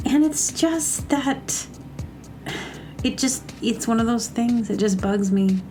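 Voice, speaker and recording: A woman's voice: a little high, animated, slow pace, music in the background. A woman hosting a comedy show, ranting in a rambling, exasperated casual monologue that stops and corrects itself.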